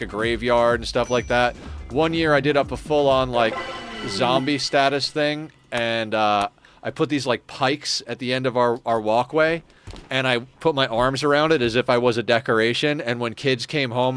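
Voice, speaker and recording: Chatty man streaming a game. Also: mid-range voice. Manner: chatty, talks to chat, thinks aloud. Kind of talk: casual gameplay commentary.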